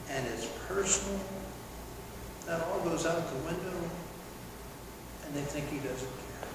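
A man preaching a sermon in a church, animated, acting out quoted lines in a loud voice. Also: sits high. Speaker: pastor. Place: church sanctuary. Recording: echoey hall from far off, noisy.

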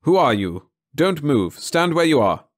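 Guy doing a gruff officer yelling orders, loud and brusque. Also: on the high side, sing-song, a little slow, voice pushed up. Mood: commanding. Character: hard-faced male alien patrol officer, brusque.

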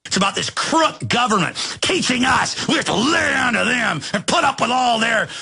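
A man rants at full volume as a talk show host, hurling insults in a gravelly, raspy voice. His tone is sharp and strained, and his pitch runs very high and swings wildly. Faint music plays underneath. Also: animated, moderate pace. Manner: furious, shouting, insulting. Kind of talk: ranting monologue.

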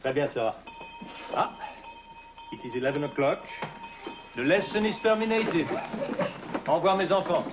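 An actor with a French accent playing a precise, easily exasperated middle-aged tutor in a 1980s television drama. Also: male voice, fairly high pitch, animated, normal speed, pauses often, close to an everyday voice. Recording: noisy 1980s TV soundtrack.

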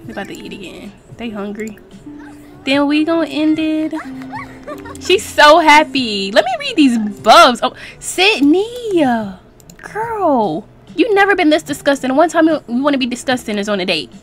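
Young woman let's-player, high-ish voice, chatty and teasing, game music low underneath. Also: very animated, normal speed, fairly bright tone. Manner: chatty and playful, laughs often, reads in-game text aloud; casual slang and swearing. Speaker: let's play gamer. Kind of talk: casual gameplay commentary.

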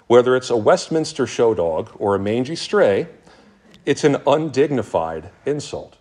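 A man preaching a sermon as pastor, reading scripture passages aloud with earnest, dramatic pauses. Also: medium pitch, very animated, a little mellow, breathy edge.

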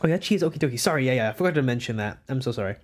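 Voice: medium pitch, animated, rapid-fire. A young adult streamer chatting casually with live chat while drawing, rambling and often breaking into giggles. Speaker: livestreamer.

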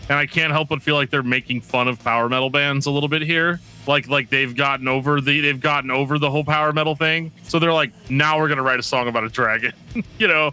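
Very bright-voiced joking podcast man. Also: a little high, fairly even intonation, quick pace, smooth. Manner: joking, teasing, playful. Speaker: podcast co-host. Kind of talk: casual chat.

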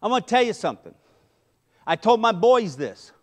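A middle-aged man preaching a sermon as pastor, impassioned, swinging between loud emphasis and hushed asides. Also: high voice, big pitch swings, normal speed.

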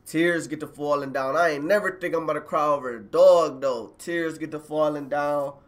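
Slangy man telling a story, higher voice. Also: moderate pace. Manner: slangy, rambling, addresses viewers directly. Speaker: live streamer telling a personal story. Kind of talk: casual storytelling on a livestream.

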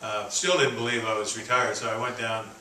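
Halting older man telling stories, roomy hall. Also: fairly low pitch, steady tone, pushed and bright, slight background noise. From Canada. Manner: folksy, halting, many fillers and restarts. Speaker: keynote speaker. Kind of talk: storytelling speech. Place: conference hall. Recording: roomy, distant venue recording with faint ambience.

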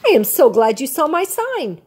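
A woman voicing a cheerful little female yellow bird who acts as a teacher, with excited, chirping delivery. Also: high-pitched, normal speed, voice pushed up. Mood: excited, bossy.

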